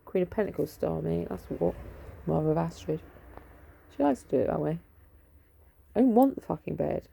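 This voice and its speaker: A woman's voice: fairly low pitch, expressive, normal speed, vocal fry, long pauses, dark tone, slightly rough, low-quality recording. A woman chatting casually through a tarot reading, swearing, joking and talking to her dog. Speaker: tarot reader. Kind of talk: casual rambling tarot chat.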